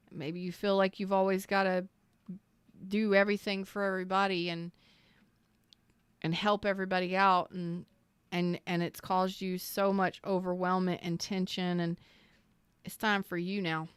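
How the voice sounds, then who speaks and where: A woman's voice: lowish voice, clear, resonant tone, dry recording. A woman giving a heartfelt tarot reading, earnest and emotional, repeating phrases and sounding close to tears. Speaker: tarot reader.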